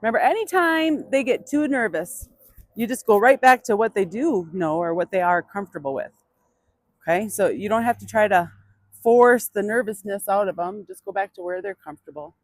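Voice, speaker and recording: A woman's voice: mid-range voice, expressive, moderate pace, no echo, studio quality. Patient woman coaxing a burro. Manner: patient, coaxing the animal in a soft voice between explanations to viewers. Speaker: burro trainer. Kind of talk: hands-on training demonstration.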